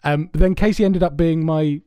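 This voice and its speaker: A man's voice: a little high, fairly even intonation, brisk, dark tone, clear, resonant tone, no echo. A man co-hosting a podcast in casual chat, telling rambling stories with lots of laughs and swearing, from a soundproofed home setup. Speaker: podcast co-host. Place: home recording space with soundproofing.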